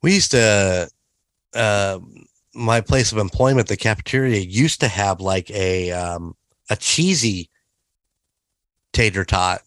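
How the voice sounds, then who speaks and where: A man's voice: on the low side, animated, slow, long pauses, a bit bright, no room sound. A man co-hosting a podcast, chatting casually and enthusiastically about where to eat. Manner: chatty, enthusiastic restaurant recommendations. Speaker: podcast co-host. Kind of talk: casual chat.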